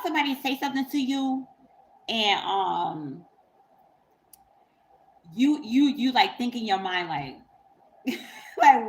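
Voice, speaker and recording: A woman's voice: a little high, slight background noise, low-quality recording. A woman tarot reader telling a story in a rambling, profane, casual way on a livestream, often breaking into laughter.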